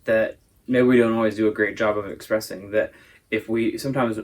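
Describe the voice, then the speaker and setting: A man's voice: fairly low pitch, steady tone, a little fast. A man teaching a Sunday school lesson, explaining at length in a casual, thoughtful way. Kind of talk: casual Bible discussion.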